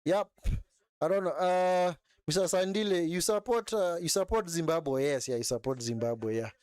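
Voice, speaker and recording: A man hosts a live football watch-along, mixing play-by-play with easygoing chat aimed at his viewers. His voice sits a little high and comes through smooth and resonant. The sound is dry and close, with no room echo. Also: normal speed, a little mellow. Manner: chatty, often ends phrases with "man", answers viewers in chat. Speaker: live stream host.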